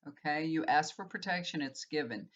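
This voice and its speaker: A woman's voice: low voice, normal speed, fairly bright tone, muffled recording. A woman tarot reader and healer in an earnest, rambling casual spiritual talk, with many fillers.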